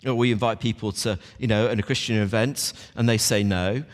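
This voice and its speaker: A conversational preacher in a reverberant church. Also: male voice, on the low side, fairly even intonation, fairly quick. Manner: conversational, talks straight to the congregation. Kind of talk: sermon.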